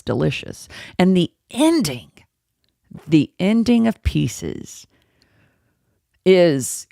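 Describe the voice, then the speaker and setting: A woman's voice: deep voice, creaky, a little mellow, no room sound, studio quality. A woman hosting a casual livestream movie review, chatty, blunt and often profane. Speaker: horror show host.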